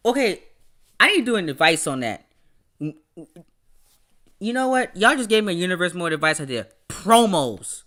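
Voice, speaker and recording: Man, podcast host, bright tone, animated, stammering repeats, casual rant. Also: high voice, normal speed, pauses often. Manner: rants, laughs often. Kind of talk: casual livestream chat.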